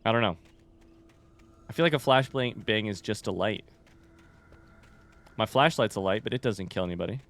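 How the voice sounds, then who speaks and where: A man's voice: lowish voice, normal speed, pauses often, a bit bright. A young man casually commenting on a game he is playing live, chatting with viewers, reading their messages aloud and swearing now and then. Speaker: streamer. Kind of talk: casual let's-play commentary.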